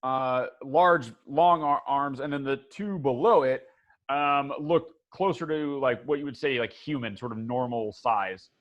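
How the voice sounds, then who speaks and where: A man's voice: mid-range voice, unhurried. A man narrating a tabletop game as game master, rambling with many fillers and restarts, on a dull lo-fi recording.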